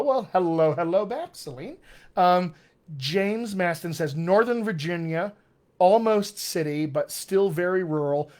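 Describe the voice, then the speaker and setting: A man as a dialect coach on a live-streamed Q&A, reading out viewer comments and encouraging them with emphatic repetition. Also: fairly high pitch. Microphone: webcam or computer mic.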